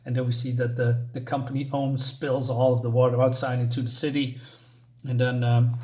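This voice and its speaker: Reviewing a comic book, a man chats loosely and casually, rambling with plenty of fillers and restarted sentences. His voice has an everyday middle pitch with little variation, a darkish tone, and a moderate pace.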